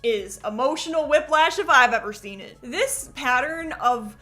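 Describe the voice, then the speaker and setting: A woman's voice: high-pitched, lively intonation, normal speed, bright, forceful tone, faint music behind. A woman hosting a commentary video, narrating with sarcastic joking asides. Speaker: commentary channel host.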